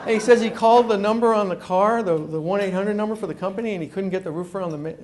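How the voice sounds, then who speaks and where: A man's voice: high-pitched, fast, a little mellow. A man giving a talk to a live audience, telling a personal story with lots of energy, acting out the people in it and stumbling over repeated words as he starts sentences. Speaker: consumer columnist giving a talk. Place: meeting room before a live audience.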